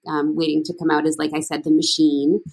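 A woman's voice: sits low, monotone, fairly quick, darkish tone, husky. Chatty woman actress telling stories. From Canada. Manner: chatty, laughing, many fillers and restarts. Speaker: actress guest. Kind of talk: casual interview chat.

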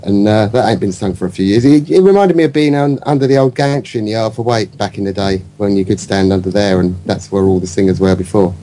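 A man's voice: fairly low pitch, quick pace, hardly any pauses, mellow. A man chatting about a football match, rambling and hesitant with a cheeky streak. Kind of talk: casual fan chat.

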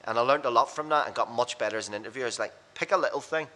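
A man, a radio presenter, telling rapid, blunt anecdotes in casual chat on a podcast. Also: medium pitch, sharp tone.

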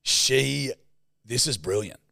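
A young Australian man co-hosting a podcast, telling rowdy, sweary stories with loud bursts of laughter. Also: medium pitch, lively intonation, takes it slowly, vocal fry, no room sound, clean studio sound. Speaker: podcast co-host. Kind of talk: casual chat.

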